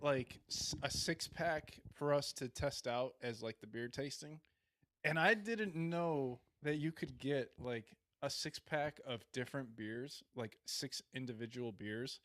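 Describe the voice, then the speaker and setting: A man's voice: on the high side, unhurried. A young man co-hosting a casual beer podcast, joking crudely and swearing freely. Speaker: podcast co-host.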